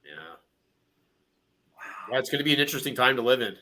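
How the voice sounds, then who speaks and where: A man's voice: medium pitch, expressive, brisk, sharp tone, a little hiss or hum. A man co-hosting a pop culture podcast, chatting in a dry, laid-back way. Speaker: podcast co-host. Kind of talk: casual chat.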